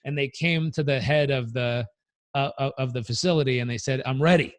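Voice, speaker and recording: A motivational coach tells a story in an interview, animatedly acting out the characters as he goes. His voice is mid-range and brisk in this conversational storytelling.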